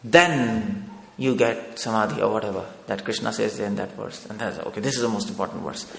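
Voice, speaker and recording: Preaching in a temple hall, this man has a fairly low voice with vocal fry and a brisk delivery. He questions the audience one step at a time and keeps checking for agreement by asking "no?", while long reverb fills the echoey space.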